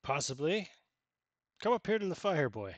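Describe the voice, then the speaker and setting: A man's voice: mid-range voice, normal speed, fairly bright tone, dry recording, dull audio, natural voice. A man voicing a weary male camp overseer at a dig site in a tabletop game, speaking plainly with some hesitation. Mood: gruff welcome. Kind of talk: tabletop role-play voicing.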